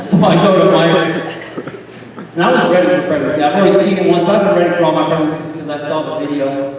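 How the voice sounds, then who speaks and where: A man in his thirties doing a stand-up comedy set, telling stories in an animated way and acting out voices. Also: fairly high pitch, fast, noisy background. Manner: animated storytelling, acts out voices of his wife and himself. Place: live comedy venue. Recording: echoey hall, distant mic, audience laughter.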